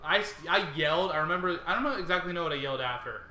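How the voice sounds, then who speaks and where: A man in his twenties, a podcast co-host telling a story in casual chat, rambling with lots of fillers and acting out what he yelled. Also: fairly high pitch, lively intonation, racing. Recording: echoey room with faint background noise.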